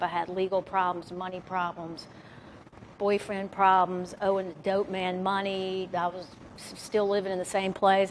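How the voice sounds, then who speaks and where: A woman's voice: on the low side, a little hiss or hum, rough recording. A woman giving a candid, plain-spoken personal recovery testimony to a live audience at a jail. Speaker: recovery speaker.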